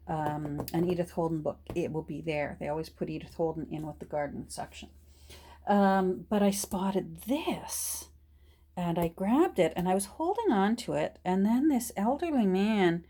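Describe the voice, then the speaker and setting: Chatty low-voiced woman vlogger. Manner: chatty, restarts sentences, soft asides; drops to a whisper while showing pages. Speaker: vlogger showing a book haul. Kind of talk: casual chat while working. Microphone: phone.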